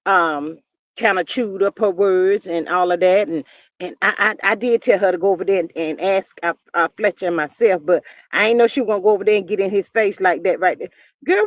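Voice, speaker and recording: Woman streamer host, high-pitched, lively sassy gossip talk, dry close sound. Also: no echo. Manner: animated, sassy, full of exclamations. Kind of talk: casual gossip commentary.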